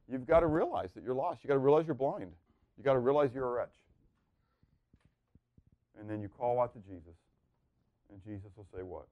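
A man preaching a sermon, asking the room rhetorical questions and swinging from hushed, quiet lines to loud, excited ones. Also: medium pitch, a little fast, pauses often, dry recording, lo-fi sound. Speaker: pastor.

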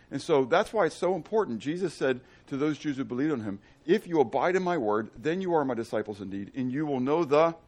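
Animated man teaching a Bible study. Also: on the high side, slightly rough. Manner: animated, joking asides and questions to the class.

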